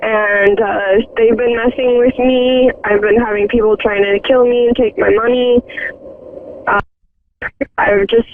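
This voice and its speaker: A scared, tearful woman calling in, speaking in halting, hesitant bursts. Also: fairly high pitch, fairly even intonation, phone-quality sound, slight background noise. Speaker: caller.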